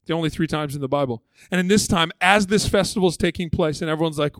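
A man preaching a sermon as pastor, conversational and lively, often repeating words as he builds his point. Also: a little high, fast talker, hardly any pauses, no echo.

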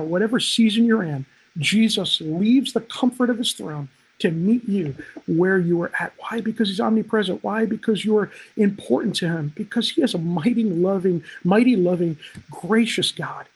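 Husky-voiced impassioned preacher. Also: medium pitch, moderate pace, a little mellow. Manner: impassioned, swelling to emphatic peaks; frequent "man" interjections, direct address. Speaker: pastor. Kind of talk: livestreamed sermon.

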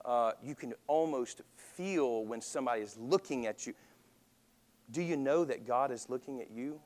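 A man's voice: medium pitch, moderate pace, darkish tone, in a large hall. A man preaching a sermon as pastor, talking conversationally and asking the congregation questions.

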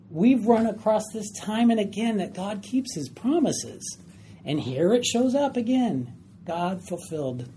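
A woman's voice: fairly high pitch, warm tone, slight background noise. A woman teaching a Bible study class, emphatic and often questioning her group.

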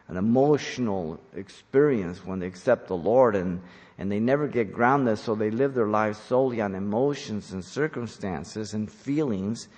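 A man preaching an expository sermon as a pastor, emphatic and deliberate, slowing down on key phrases. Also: on the low side, dark tone, breathy edge. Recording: long hall reverb.

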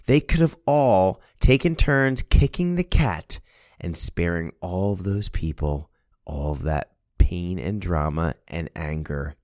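A middle-aged man telling a workplace story in a casual, animated way. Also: low-pitched, takes it slowly, dry recording, clean studio sound. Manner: animated storyteller, lively voice shifts. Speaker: speaker, cleaning business owner.

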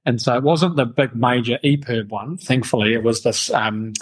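A man's voice: mid-range voice, steady tone, moderate pace, husky, poor audio. A man, a podcast guest who tells stories casually, laughs often and swears freely. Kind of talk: casual storytelling interview.

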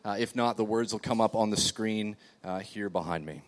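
Seated in a church, a pastor preaches a sermon in a loose, conversational way full of fillers and restarts. His voice is lowish and his pace moderate.

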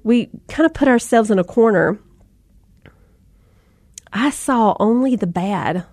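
Woman, 30s, faith talk to moms, folksy asides, fairly high voice, dry close sound. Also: animated, slow, a little mellow, no echo. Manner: conversational, folksy, with asides and fillers. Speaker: Christian speaker. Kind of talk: faith-based talk to mothers.

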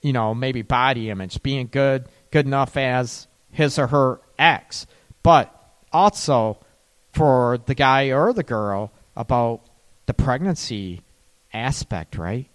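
A man's voice: medium pitch, a little slow, smooth. A middle-aged man giving casual, rambling relationship and sex advice, now and then acting out worried voices.

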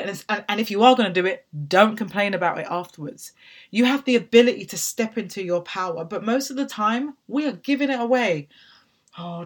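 A woman in her thirties giving an emphatic motivational talk, asking rhetorical questions and checking in with "right?". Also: medium pitch. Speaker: motivational podcast host.

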